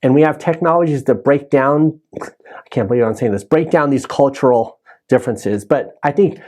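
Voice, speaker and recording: Mellow-voiced man rambling through a recap. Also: mid-range voice, moderate pace. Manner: rambling, self-correcting with restarts. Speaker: podcast host. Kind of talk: casual solo recap.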